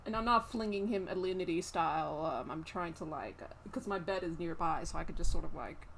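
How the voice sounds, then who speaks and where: A woman's voice: lowish voice, brisk, creaky, slight background noise. Exasperated young woman streamer. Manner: exasperated, scolding a pet with sharp repeated commands; rambling, with many fillers. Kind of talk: casual live-stream chat.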